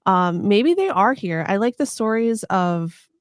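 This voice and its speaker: A woman's voice: medium pitch, very animated, unhurried, dry recording, clean studio sound. Playful, sarcastic woman podcaster. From United States. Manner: playful, sarcastic, swears casually, acts out silly quoted voices. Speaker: podcast host. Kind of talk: casual chat.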